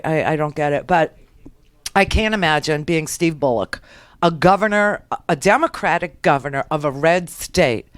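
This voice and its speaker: A woman's voice: lowish voice, dry recording. Brief: woman talk radio host, rambling sarcastic commentary, resonant and dry. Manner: sarcastic, rambling, laughing asides.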